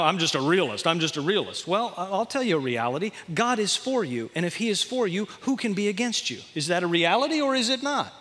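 A pastor preaching in a folksy, animated way, acting out quotes. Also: male voice, high-pitched, long reverb tail. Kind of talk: sermon.

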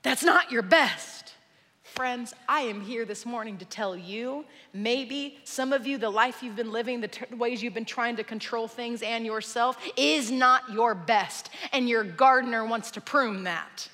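High, bright woman preaching in an echoey hall. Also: unhurried, hardly any pauses. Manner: animated storytelling, acting out quoted people. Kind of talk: sermon. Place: large church hall. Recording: echoey hall with long reverb.

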